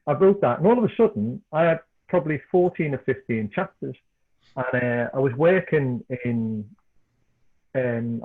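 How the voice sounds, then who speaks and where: A middle-aged man from Liverpool with a Scouse accent, a podcast guest and author telling animated anecdotes in casual chat. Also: mid-range voice. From Liverpool, England. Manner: animated anecdotes, repeats words when excited. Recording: tinny phone-like call line.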